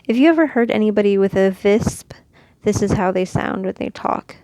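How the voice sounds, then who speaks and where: A woman from Mexico teaching letters and their sounds in a casual, patient lesson, demonstrating each sound slowly. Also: mid-range voice, warm tone, dry recording. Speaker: Quran reading teacher.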